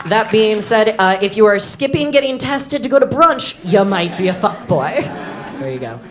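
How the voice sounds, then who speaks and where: A comedic storyteller telling a live story to an audience, animated and bursting into loud shouts at punchlines. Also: female voice, medium pitch, normal speed, over music. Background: audience laughter.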